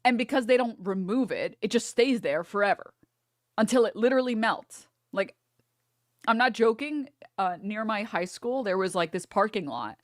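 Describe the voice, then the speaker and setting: A young American woman streamer telling a story in casual chat, animated and profane, often laughing through her words. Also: mid-range voice, moderate pace, no echo, studio quality. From United States.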